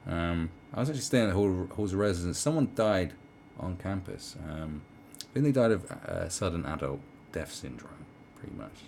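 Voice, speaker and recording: Gravelly, deep-voiced British man ranting. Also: expressive, moderate pace, hardly any pauses, darkish tone, a little hiss or hum. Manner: sarcastic, swearing, many ums and restarts. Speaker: commentary vlogger. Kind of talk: ranting video commentary.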